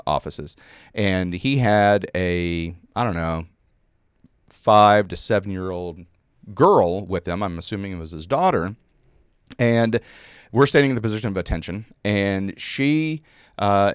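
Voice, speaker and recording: A man in his forties, an Army veteran, telling a story casually on a podcast, halting with many fillers and repeated words. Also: low voice, smooth, no echo, studio quality.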